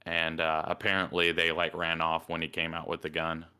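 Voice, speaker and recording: A man's voice: low voice, monotone, moderate pace, sharp tone, smooth. A man with a Southern US accent, co-hosting a podcast and telling rambling stories in casual chat. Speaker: podcast co-host.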